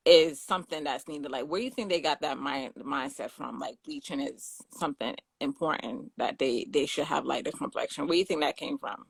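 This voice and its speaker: Host, lively and enthusiastic, mid pitch, dry recording. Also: a little fast, gravelly, hardly any pauses, slightly rough, no room sound. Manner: lively and enthusiastic, laughs often. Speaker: talk show host. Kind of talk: casual discussion.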